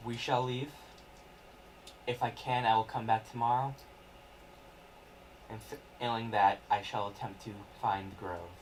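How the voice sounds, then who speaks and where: A man's voice: fairly low pitch, steady tone, measured pace, long pauses. A man playing his character in a tabletop game, speaking formally and earnestly, recorded from a distant mic with hiss. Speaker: player. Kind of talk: in-character tabletop role-play.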